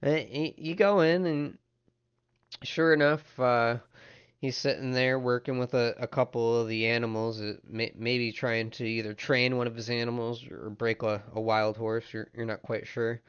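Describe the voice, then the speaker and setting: A man narrating a tabletop game as game master, halting with many restarts. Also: medium pitch, fairly even intonation, smooth, dull audio.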